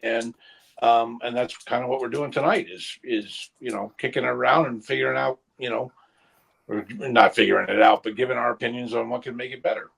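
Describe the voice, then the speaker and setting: A man with a gravelly, husky voice chatting at a podcast round table. He tells stories in a relaxed, easygoing way and laughs often. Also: mid-range voice, brisk. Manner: laid-back storyteller, laughs easily. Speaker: podcast founder and co-host. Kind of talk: casual round-table chat.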